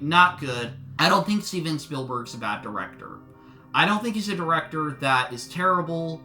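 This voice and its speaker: A man's voice: medium pitch, pushed and bright. Exasperated man ranting over music. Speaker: film reviewer. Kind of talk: solo movie review. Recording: music playing under the voice.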